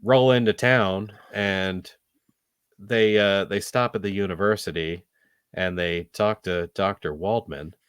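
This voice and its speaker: A man's voice: low voice, steady tone, a little slow, smooth, no echo, clean studio sound. A man co-hosting a casual film review podcast, rambling with lots of fillers and restarts. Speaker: podcast co-host.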